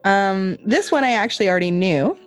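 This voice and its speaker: A woman's voice: mid-range voice, lively intonation, brisk, faint music behind. A woman hosting a podcast in casual, playful chat, laughing often. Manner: giggly, playful. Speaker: podcast host.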